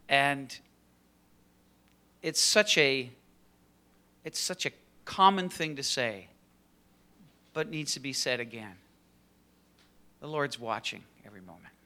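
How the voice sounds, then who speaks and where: A middle-aged man preaching a conversational sermon in a personal, relaxed way. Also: medium pitch, smooth. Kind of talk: sermon with story reading.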